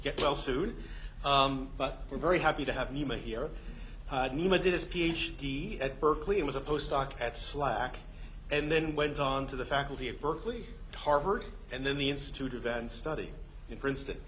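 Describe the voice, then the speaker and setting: A man's voice: mid-range voice, normal speed, fairly bright tone. A man hosting a colloquium in a lecture hall, introducing the guest speaker in a light, joking way. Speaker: colloquium host. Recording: dull lo-fi recording with faint room hum.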